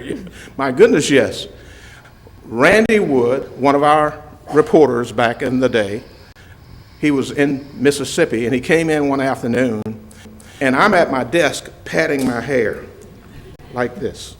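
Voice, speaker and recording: A man's voice: mid-range voice, slight background noise, poor audio. An older man from Mobile, a retired news anchor giving a heartfelt speech and telling joking stories. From Mobile, Alabama. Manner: slow, warm storytelling with joking asides.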